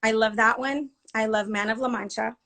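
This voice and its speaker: A woman's voice: a little high, fairly even intonation, moderate pace, sharp tone. A woman chatting casually on a live video, rambling and acting out the thoughts she quotes. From Latina. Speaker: actor on a live chat. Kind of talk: casual chat.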